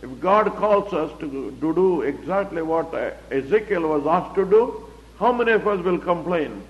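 A man's voice: on the high side, lively intonation, moderate pace. A man teaching the Bible verse by verse, explaining it plainly and asking rhetorical questions. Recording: echoey hall, dull lo-fi recording.

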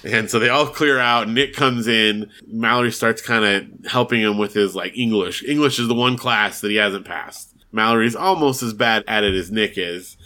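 A man's voice: fairly low pitch, normal speed, few pauses, pushed and bright. A man co-hosting a podcast, casually retelling a TV episode in a chatty way and leaning often on "like". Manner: chatty storytelling with frequent "like". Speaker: podcast co-host.

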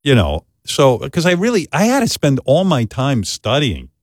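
A man hosting a talk show, telling a self-deprecating comic story in animated casual chat and jumping into quoted voices. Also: medium pitch, moderate pace, no echo, studio quality. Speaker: host.

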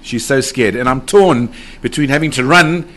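A middle-aged man, appearing as a guest, dramatically describes a paranormal encounter, acting out quotes and repeating his phrases. His voice is mid-range and a bit bright, and he speaks at a moderate pace.

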